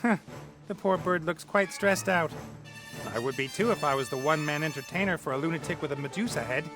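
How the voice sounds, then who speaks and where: A man's voice: a little high, fairly quick, close to an everyday voice. A man voicing a sly young adventurer posing as a hatter in a video game, teasing and mock-gallant. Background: game music.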